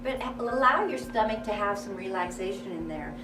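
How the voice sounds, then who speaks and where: An animated woman with a mid-range voice talks a little fast as she leads a live workshop on confidence and voice. Encouraging a standing crowd of girls, she runs breathing exercises and loud counting drills; the distant recording is echoey, with music.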